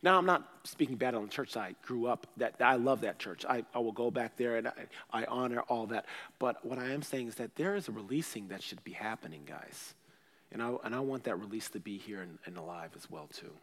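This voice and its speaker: A man, a pastor, preaching a sermon in a casual, conversational way, swinging between loud bursts and quiet asides. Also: medium pitch, fairly quick, long reverb tail.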